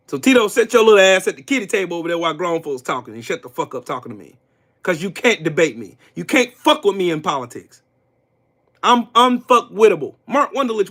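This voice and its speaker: A man's voice: high-pitched, fairly bright tone. A man hosting a livestream and ranting about politics, taunting and trash-talking a viewer and laughing often. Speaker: livestream host. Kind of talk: heated political rant.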